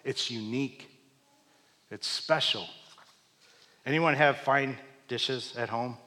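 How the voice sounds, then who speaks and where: A man preaching a sermon to his congregation, asking them questions and swinging between loud emphatic peaks and hushed low lines. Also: takes it slowly. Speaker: pastor. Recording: long hall reverb.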